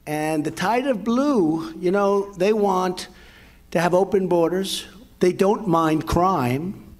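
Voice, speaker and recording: A man in his seventies gives an off-the-cuff speech to a crowd, rambling, repeating himself and boasting in superlatives. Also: on the high side. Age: 70s. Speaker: speaker at a public event.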